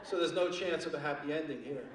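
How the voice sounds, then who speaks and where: An older stand-up comic on a theater stage tells wry stories with crude punchlines, his voice a little high and fast. The recording is echoey and distant, with heavy background noise from a loud audience.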